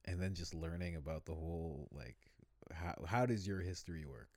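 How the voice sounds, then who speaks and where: A man's voice: deep voice, normal speed, a little mellow, no echo. A man in casual, rambling conversation who swears freely and laughs often. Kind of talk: casual chat.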